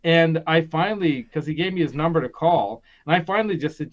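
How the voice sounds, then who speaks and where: A man's voice: fairly high pitch, quick pace, hardly any pauses, lo-fi sound. A man hosting a casual gear live stream, rambling through a story with frequent laughs and restarts.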